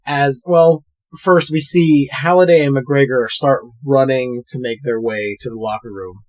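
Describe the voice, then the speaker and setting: A man co-hosting a podcast, casually recapping a film scene by scene and acting out characters' lines in quick put-on voices. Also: mid-range voice. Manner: retells scenes with animated quoted voices. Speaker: podcast co-host. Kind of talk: casual movie recap chat.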